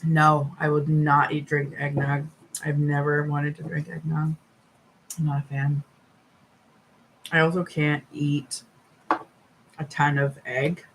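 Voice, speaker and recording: A woman's voice: sits low, little pitch movement, slow pace, pauses often, a little hiss or hum, poor audio. A woman live streamer, stoned, chatting casually to her viewers while eating and talking with her mouth full.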